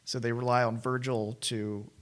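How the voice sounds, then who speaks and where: A man's voice: mid-range voice, level tone, normal speed. Podcast guy gushing about a movie, laughs a lot, keeps restarting sentences. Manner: enthusiastic, laughs often, restarts phrases. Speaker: podcast co-host. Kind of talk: casual film review chat.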